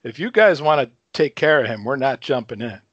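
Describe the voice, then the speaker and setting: A man in his fifties from Chicago, guest on a casual talk show, telling a story with lively energy, swearing freely and chuckling between lines. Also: mid-range voice, a little fast, dry recording, muffled recording. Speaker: podcast guest.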